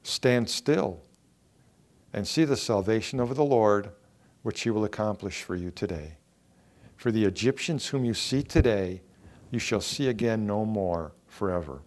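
A man preaching a sermon, earnest, repeating key phrases for emphasis and swinging between quiet and emphatic delivery. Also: fairly low pitch, measured pace. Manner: earnest, repetitive emphasis, rising and falling in intensity.

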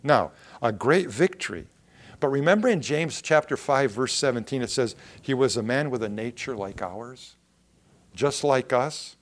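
A man preaching a sermon, reading Bible verses aloud and commenting in plain everyday words, swinging between loud emphatic lines and quiet low asides. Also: animated, measured pace.

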